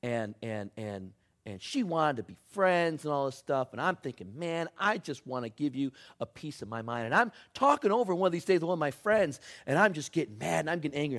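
A man's voice: medium pitch, animated, fairly quick. Emphatic male pastor preaching. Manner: swings from loud emphatic to hushed near-whisper. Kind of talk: sermon.

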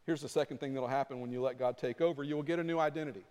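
A man preaching a sermon as pastor, animated and acting out his points with rising intensity. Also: mid-range voice, rapid-fire. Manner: animated, acts out flapping with rising volume. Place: church sanctuary. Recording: long reverb of a church hall.

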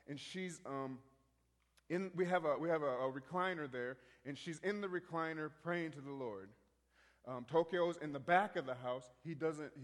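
Halting man storyteller in an echoey hall. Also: fairly high pitch. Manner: halting, rambling, many restarts. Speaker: minister telling a story. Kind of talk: storytelling testimony.

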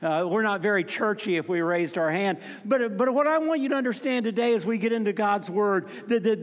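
A man preaching a sermon as pastor, emphatic and fervent, swinging from loud peaks to soft, low passages and often repeating words as he starts a phrase. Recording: long hall reverb.

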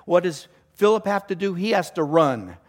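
A middle-aged man, a pastor preaching a conversational, enthusiastic sermon with restarts and throat-clearing. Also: high voice, expressive, normal speed.

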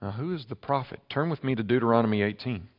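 A man preaching a sermon, emphatic, with sharp swings between loud and quiet. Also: medium pitch, quick pace, dull audio. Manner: emphatic preaching with dramatic shifts in loudness. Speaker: pastor.

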